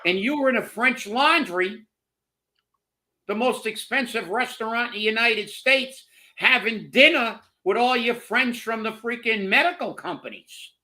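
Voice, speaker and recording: A man rants on a political talk show, furious and profane, tripping over his own words as he talks. His voice sits high for a man and sounds bright and edgy. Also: lively intonation, a little slow. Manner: heated, profane, repeats words when worked up. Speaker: co-host of political commentary show. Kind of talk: angry political rant.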